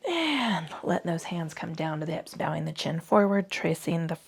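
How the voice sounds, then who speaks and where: Her voice sits low, creaky and husky, animated but at a normal speed. This yoga instructor narrates the poses as she goes, tossing in self-deprecating jokes and offhand curses while panting slightly.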